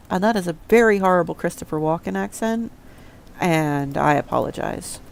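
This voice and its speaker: A woman's voice: on the low side, expressive, moderate pace, gravelly, slight background noise. A woman streamer chatting to herself as she plays, casual and prone to swearing under her breath. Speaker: game streamer. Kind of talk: casual gameplay commentary.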